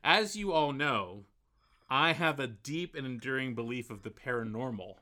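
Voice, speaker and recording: A man co-hosting a podcast and chatting with a dry, teasing sense of humor. His voice is very bright and sharp-edged. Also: mid-range voice, lively intonation, moderate pace. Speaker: podcast co-host; academic. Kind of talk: casual chat.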